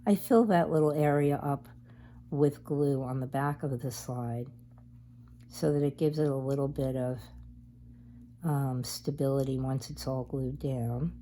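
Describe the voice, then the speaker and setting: A woman's voice: extremely low pitch, fairly even intonation, unhurried, warm tone, a little hiss or hum. A woman chatting casually through a craft tutorial, meandering as she works. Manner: chatty and meandering, talks while working. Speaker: craft vlogger.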